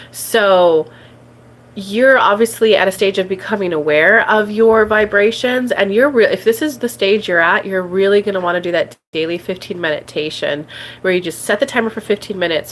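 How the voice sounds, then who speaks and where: A woman's voice: mid-range voice, moderate pace, fairly bright tone. Woman doing a casual spiritual coaching livestream from home, lots of likes and ums, easygoing chatty talk. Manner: chatty, peppered with "like" and "um", reads viewer comments aloud. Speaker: spiritual coach hosting a live stream.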